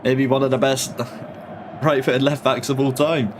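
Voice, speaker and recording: At home, a young man chats casually on a live football watch-along stream, reading out comments from his chat in heavy slang. His voice is medium-pitched and level, with a measured pace. Background noise and faint music sit behind him.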